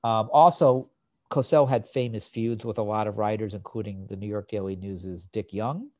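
A man co-hosting a podcast, recapping an old sitcom episode with a relaxed, explanatory manner. His voice sits fairly low, and the recording is dry and close. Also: normal speed, no room sound. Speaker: podcast co-host. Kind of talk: casual chat, recapping an episode.

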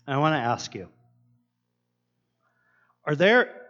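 A man's voice: a little high, very animated, slow pace, sharp tone, lo-fi sound. A man preaching a sermon, earnest and asking his listeners many questions. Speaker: pastor.

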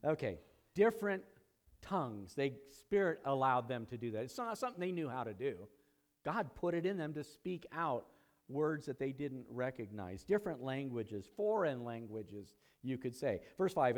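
A man preaching a conversational sermon in a church, teaching with casual asides and growing louder and higher when excited. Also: moderate pace. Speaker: pastor. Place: church sanctuary.

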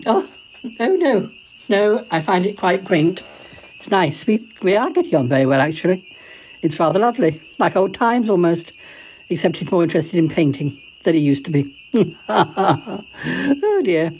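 A genteel, doting woman, played by a woman, chatters on the phone in a comedy audio drama. Her pitch rises and falls a great deal, and she sprinkles in darling and dear. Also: very animated, moderate pace, a little mellow, husky, exaggerated voice, poor audio. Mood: fond.

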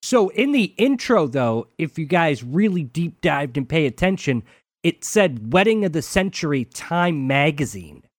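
A man's voice: a little high, very animated, measured pace, no room sound, clean studio sound. A man on a casual podcast who talks in a playful, insistent way.

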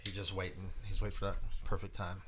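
A man's voice: low voice, level tone, quick pace, fairly bright tone. A man co-hosting a podcast in casual chat, speaking earnestly and conversationally. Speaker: podcast co-host.

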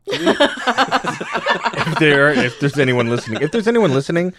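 A man running a tabletop game, loud, profane and joking as he banters with his players. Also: a little high, very animated, a little slow, heavy background noise. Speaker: game master.

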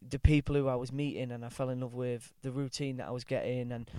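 A man's voice: medium pitch, level tone, fast, mellow, clear, resonant tone, no echo, studio quality. A young man chatting casually as a podcast guest, rambling with lots of ums, restarts and easy laughs, swearing now and then. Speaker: guest actor. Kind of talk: casual chat.

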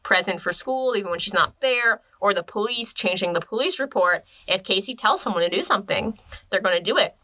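A woman's voice: mid-range voice, animated, fairly quick, pushed and bright. A woman casually recapping a story for a co-host, chatty, often saying "like" and laughing. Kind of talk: casual chat.

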